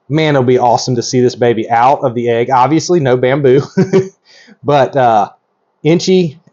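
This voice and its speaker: A middle-aged man narrating a hands-on video as a reptile breeder, excited and gushing, rambling with lots of ums. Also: medium pitch, lo-fi sound.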